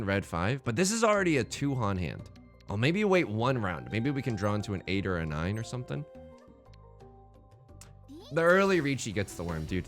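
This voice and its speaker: Excitable man commenting on his game. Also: medium pitch. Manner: excitable, joking, meme-heavy banter. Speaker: let's play host. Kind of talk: live gameplay commentary.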